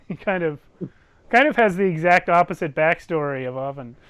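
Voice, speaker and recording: A man's voice: on the high side, lively intonation, moderate pace, fairly bright tone, clean tone, no room sound, dull audio. A man running a tabletop game as game master, narrating in a casual, chuckling way.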